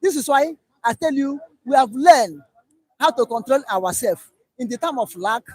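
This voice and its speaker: A man's voice: very high voice, normal speed. A man with a Nigerian accent calling in, talking emphatically and chanting slogans and blessings. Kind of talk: animated phone-in talk.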